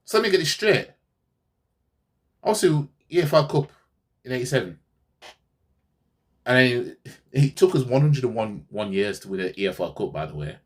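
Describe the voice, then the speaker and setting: A man's voice: mid-range voice, lively intonation, normal speed, pauses often, breathy edge. A man hosting a fan channel, ranting sarcastically in a heated football reaction, repeating himself as he goes.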